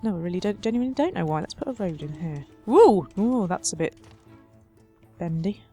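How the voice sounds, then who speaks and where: A woman's voice: lowish voice, animated, brisk, mellow, husky, soft background music. A woman hosting a city-building let's play, chatting wryly and talking to her simulated residents as she builds. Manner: chatty, wry, talks to her sims. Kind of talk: casual game commentary.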